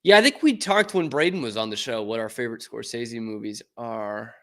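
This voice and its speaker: Young boston guy hosting a sports show, accent mostly hidden, animated and opinionated, full of fillers. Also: medium pitch, fairly quick. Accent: mild Boston, mostly suppressed. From Boston area. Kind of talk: casual chat.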